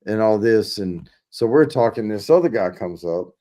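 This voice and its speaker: A man's voice: lowish voice, lively intonation, moderate pace, dark tone. A middle-aged man hosting a casual beer chat, telling stories and swearing freely. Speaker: host. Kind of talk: casual chat over beers.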